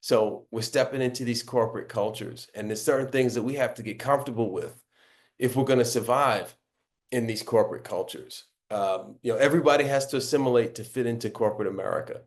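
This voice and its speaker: A man with a baritone voice, the guest author, answering interview questions earnestly and often asking "right?". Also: fairly quick.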